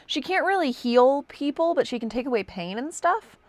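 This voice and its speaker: A young woman co-hosting a casual book chat, chatty and animated. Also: high voice, moderate pace, dry recording. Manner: chatty, animated, fond of quoting characters. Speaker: podcast co-host.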